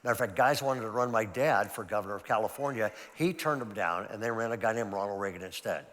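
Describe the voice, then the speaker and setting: A man's voice: lowish voice, fast talker, fairly bright tone. Older male pastor in a reverberant hall. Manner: storytelling, conversational and emphatic. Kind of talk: sermon-style seminar talk. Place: large church hall.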